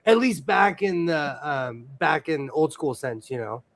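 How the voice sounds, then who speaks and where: A man's voice: a little high, expressive, unhurried. A man from the US West Coast hosting a casual sewing chat, rambling and laughing often as he tells stories. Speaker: sewing stream host.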